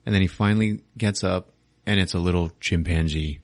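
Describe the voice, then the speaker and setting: Guy on a podcast retelling a movie, swears a lot, lowish voice, dry close mic. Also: fairly quick, dry recording. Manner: profane, animated retelling with goofy character voices. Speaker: podcast host. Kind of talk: casual movie recap.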